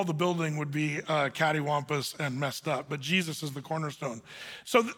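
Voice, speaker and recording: A man preaching a sermon in an easygoing, folksy manner, his voice high and bright. It rings out with the long reverb of a big hall, as if recorded in a church sanctuary. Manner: folksy, conversational preaching with colloquial words. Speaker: pastor. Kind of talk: sermon, verse-by-verse Bible teaching.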